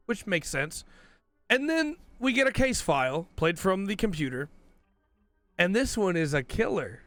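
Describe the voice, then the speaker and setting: A man's voice: high voice, sing-song, moderate pace, fairly bright tone, no room sound. A man hosting a podcast, giving a rambling, enthusiastic casual review while losing his voice. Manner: rambling, enthusiastic, self-correcting. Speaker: podcast host reviewing episodes.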